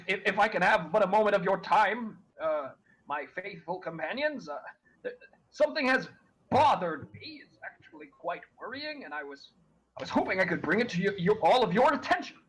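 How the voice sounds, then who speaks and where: A man voicing a pompous, formal talking crow who stammers and speaks with exaggerated politeness, in a husky voice. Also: high-pitched, sing-song, moderate pace, a bit bright, slight background noise, poor audio. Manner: stammering, overly polite and long-winded.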